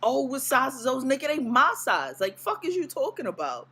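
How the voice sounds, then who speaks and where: A woman's voice: high voice, moderate pace, breathy edge, poor audio. A woman vlogger casually telling a story to camera, blunt and profane, acting out her reactions. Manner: blunt, profane, animated retelling.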